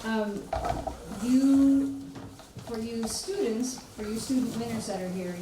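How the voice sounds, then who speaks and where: A moderator speaking to students, measured and encouraging. She talks slowly, with long pauses. She is far from the mic in a very echoey hall, with clear background noise. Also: mid-range voice. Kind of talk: addressing students.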